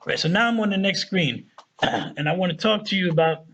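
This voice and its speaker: A man teaching a casual Arabic lesson who often checks in with "right?" and "okay?" and slows down to spell out words. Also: sits high, animated, a bit bright, slightly rough, dull audio.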